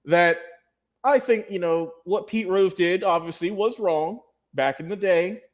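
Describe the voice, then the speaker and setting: A man's voice: high-pitched, a little slow, muffled recording. A man co-hosting a sports talk show, talking casually with restarts and repeated words. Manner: rambling, repeats words, addresses co-host by name.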